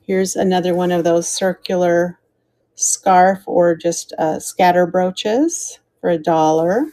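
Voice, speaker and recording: American woman, live-sale host, low warm voice, chatty, reads viewer names while auctioning. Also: slow pace. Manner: chatty, calls out starting prices and thanks viewers by name. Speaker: live-stream jewelry seller. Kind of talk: live auction stream chat.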